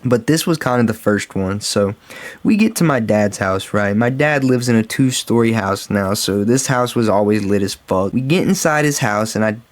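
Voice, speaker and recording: A man's voice: fairly low pitch, lively intonation, moderate pace. A man telling a casual storytime vlog story, rambling and swearing freely and calling his viewers guys and bro. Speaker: storytime vlogger.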